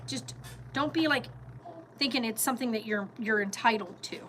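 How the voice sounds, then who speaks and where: A middle-aged grandmother chats casually on her home vlog in a slightly high, somewhat bright voice at normal speed. She rambles emphatically and shares strong opinions. The low-quality recording has a little hiss or hum.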